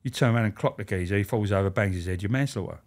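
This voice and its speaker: A man's voice: fairly low pitch, racing. A man, a former prison officer telling candid, swearing stories and acting out the voices of people he quotes. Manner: animated, acts out quoted voices.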